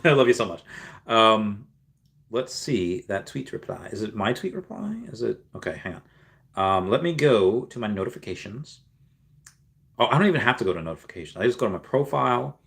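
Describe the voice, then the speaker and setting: Rambling man with a bright voice. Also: on the low side, animated, brisk, vocal fry. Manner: rambling, full of fillers and restarts; reads viewer messages aloud and replies. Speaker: streamer answering live chat. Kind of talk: casual livestream chat.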